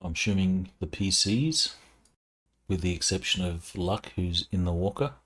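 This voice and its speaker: A man narrating as game master of a tabletop role-playing game, relaxed, with many fillers. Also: deep voice, moderate pace.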